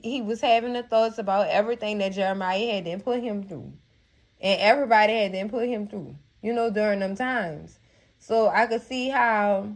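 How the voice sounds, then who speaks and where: A woman hosting a casual TV recap, chatty and heartfelt, calling her viewers cousins and girl. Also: mid-range voice. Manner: heartfelt, moved to tears at times. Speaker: TV recap channel host. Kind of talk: casual TV episode recap and review.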